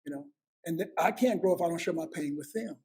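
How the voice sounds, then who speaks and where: A man's voice: fairly high pitch, quick pace, a little mellow, slightly rough. A man in his fifties hosting a heartfelt family conversation, earnest, often repeating words as he starts a thought. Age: 50s. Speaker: host.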